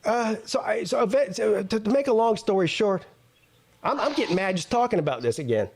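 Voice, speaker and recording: A man hosting a talk show, telling a casual story in an animated, profane way and acting out both sides of an argument. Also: sits high, fairly quick. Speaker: host.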